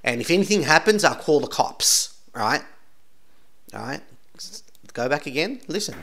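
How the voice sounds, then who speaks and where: An Australian channel host comments on video clips in a very animated, insistent, rambling way, ending almost every sentence with "right?". His voice is fairly high, creaky, and fairly bright at a moderate pace, with slight background noise.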